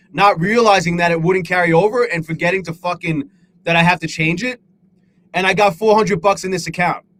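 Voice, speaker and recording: A man's voice: sits high, a bit bright. A man hosting a live trading stream, rambling and swearing, hard on himself, greeting chatters by name. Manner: profane, self-critical, rambling; reads out chat names. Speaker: livestream host.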